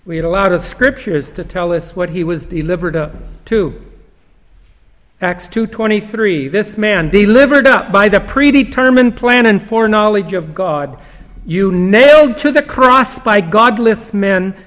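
A man preaching a sermon, reading scripture slowly and emphatically, with long pauses. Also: high voice, lively intonation, fairly bright tone. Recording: long hall reverb.

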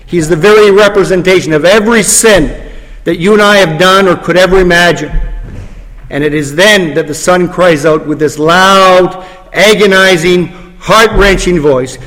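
A man preaching a sermon, dramatic, slowing down and dropping his voice low for emphasis. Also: fairly bright tone. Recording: long hall reverb.

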